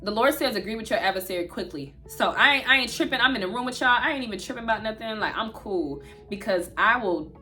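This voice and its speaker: Animated woman telling a story to viewers. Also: on the high side, quick pace, few pauses, faint music behind. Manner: animated, talks straight to viewers. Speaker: vlogger. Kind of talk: storytime vlog.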